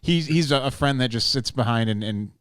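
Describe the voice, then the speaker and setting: A man's voice: mid-range voice, brisk, a bit bright. A man co-hosting a casual podcast, often laughing as he tells stories. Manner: laughs while telling stories. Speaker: podcast co-host. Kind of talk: casual chat.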